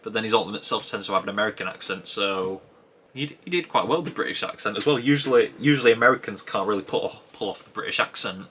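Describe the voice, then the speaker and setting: A man's voice: on the low side, fast, pushed and bright, slight background noise. A man giving a casual spoken review of a TV episode, musing aloud and rambling with frequent restarts.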